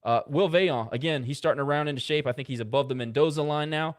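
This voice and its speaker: A man co-hosting a casual sports podcast, rattling off box-score stats with quick asides. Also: a little high. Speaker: podcast co-host.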